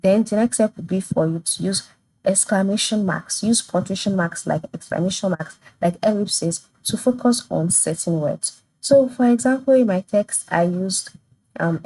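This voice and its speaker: A woman hosting a software tutorial, explaining each step plainly with a few fillers and restarts. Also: on the low side, no room sound, rough recording. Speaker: tutorial host. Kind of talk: screen-recorded software tutorial.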